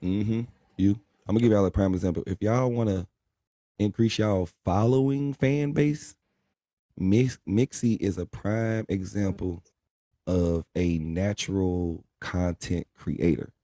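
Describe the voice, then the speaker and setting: A young man co-hosting a relaxed live stream delivers a blunt, curse-laden, preachy pep talk to viewers at a measured pace. His low-pitched voice has a dark tone, and the audio is clean studio sound without room sound.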